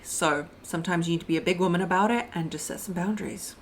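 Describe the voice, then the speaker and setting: A woman's voice: fairly low pitch, fast, few pauses. A woman relationship coach giving frank, casual advice straight to camera. She talks to the listener like a friend, calling her girl and babe, and acts out quoted voices mid-sentence.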